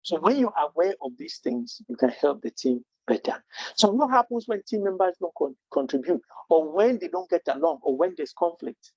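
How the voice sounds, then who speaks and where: A man's voice: sits high, lively intonation, normal speed, a little mellow, no echo, muffled recording. A man leading a live training webinar, earnest and full of rhetorical questions, often restarting his sentences. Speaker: Scrum trainer.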